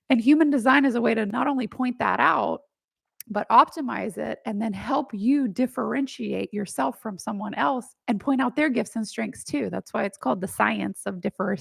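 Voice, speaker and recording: A woman's voice: mid-range voice, creaky, a bit bright, slightly rough, no room sound. A woman hosting a live question-and-answer stream, chatting casually in a rambling way and laughing often. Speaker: human design reader hosting a live Q&A. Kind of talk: casual livestream chat.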